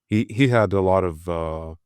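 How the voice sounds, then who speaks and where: A man's voice: low voice, moderate pace, smooth, no room sound, clean studio sound. A man who fights, speaking thoughtfully and candidly in a casual podcast conversation. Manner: thoughtful, candid, with soft laughs.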